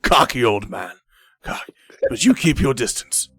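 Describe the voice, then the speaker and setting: A man doing a gruff, threatening Viking warrior. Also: medium pitch, big pitch swings, normal speed, fairly bright tone, dry recording, studio quality. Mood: gruff impatient. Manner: blunt and threatening. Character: gruff suspicious male Viking warrior with an axe.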